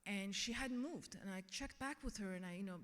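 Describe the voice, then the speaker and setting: A woman's voice: medium pitch, a little fast. A middle-aged woman giving a keynote speech and telling a personal story earnestly. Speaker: keynote speaker. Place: conference hall. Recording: long reverb of a large hall.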